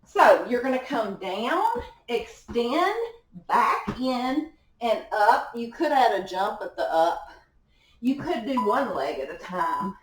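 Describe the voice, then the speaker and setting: A woman's voice: fairly high pitch, big pitch swings, slow, a little hiss or hum. A woman leading a live workout class, giving encouraging cues with small laughs between moves. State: out of breath at times. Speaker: fitness instructor. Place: indoor workout room. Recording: echoey room, voice from far off.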